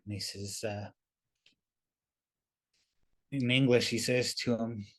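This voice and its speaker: A man telling a traditional story in a relaxed, conversational way over a video call, using many fillers like "kinda". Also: mid-range voice, slow pace. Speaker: storyteller and webinar presenter. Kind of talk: casual oral storytelling.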